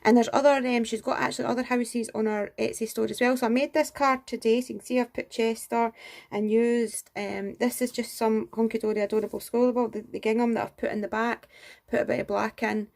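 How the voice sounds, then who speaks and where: A woman showing off craft supplies in a chatty, gushing way, her voice sitting a little high with a gravelly fry running through it. She keeps exclaiming over each piece as she goes. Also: fairly even intonation, a little fast, darkish tone. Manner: gushing and enthusiastic, frequent exclamations. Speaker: craft vlogger. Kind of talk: casual show-and-tell review.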